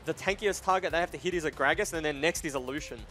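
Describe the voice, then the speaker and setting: A man's voice: fairly high pitch, quick pace, sharp tone, soft background music. A man analysing an esports match in long run-on explanations, with playful asides. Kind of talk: casual analysis chat.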